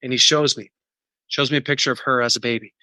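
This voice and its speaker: This recovery coach talks fast, his medium-pitched voice staying fairly level while sounding pushed and bright against a dry recording. As a podcast guest, he lays out a process in earnest, numbered steps and opens up emotionally about the pain he has lived through.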